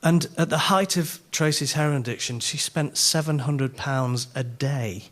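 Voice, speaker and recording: A middle-aged man with a Yorkshire accent preaches at a conference. He is an animated storyteller who pokes fun at himself, and his voice sits at an ordinary middle pitch. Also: measured pace. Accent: Yorkshire English. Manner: animated, self-mocking storyteller. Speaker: conference speaker. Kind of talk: sermon with humorous stories.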